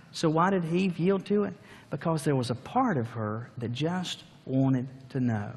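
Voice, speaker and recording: A male pastor delivers a sermon and tells the story with acted-out scenes. His voice sits a touch high and rings in a hall with a long reverb. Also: lively intonation, a little slow, darkish tone.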